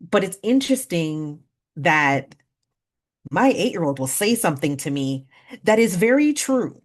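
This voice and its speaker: Slow, low-voiced woman guiding a workshop. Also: very animated. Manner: warm, conversational, laughs at herself, counts slowly. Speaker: workshop facilitator. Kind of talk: guided breathing exercise and storytelling talk.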